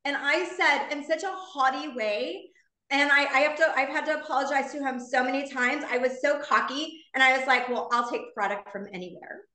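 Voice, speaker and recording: A woman's voice: sits high, steady tone, normal speed, pushed and bright, roomy sound. A woman in her fifties telling an earnest, heartfelt personal story to a live online audience. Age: 50s. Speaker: founder speaking to her business community.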